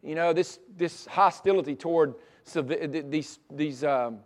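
A pastor preaching a sermon with passion, often restarting and repeating his words, and swinging between loud and hushed delivery. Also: a little high, moderate pace. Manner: frequent restarts and repetitions.

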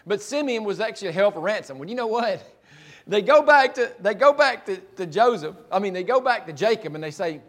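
A man's voice: sits high, lively intonation, a little fast, fairly bright tone. A man preaching a sermon, retelling scripture in a folksy, conversational way with frequent restarts.

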